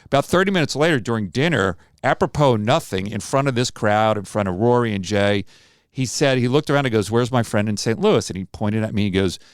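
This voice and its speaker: A man who runs a charity golf tournament, telling an animated story and acting out the lines of the people in it. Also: lowish voice, a little fast, clean tone, dry recording, clean studio sound. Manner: animated anecdote-teller, acts out quoted dialogue. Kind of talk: recorded interview storytelling.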